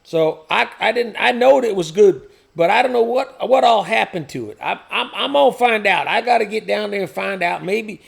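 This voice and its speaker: A high, heavily gravelly old country geezer played by a man rambles in folksy grammar on a prank phone call. He is grumpy and churchgoing, and he scolds in a rustic drawl. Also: expressive, normal speed, hardly any pauses, exaggerated voice. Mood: confused. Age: older. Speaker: scam baiter.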